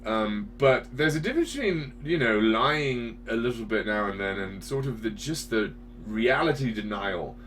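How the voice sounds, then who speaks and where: A man's voice: medium pitch, expressive, moderate pace, fairly bright tone, a little hiss or hum. A man hosting a casual talk show, ranting with swearing and rhetorical questions. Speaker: podcast host. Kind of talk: casual political chat.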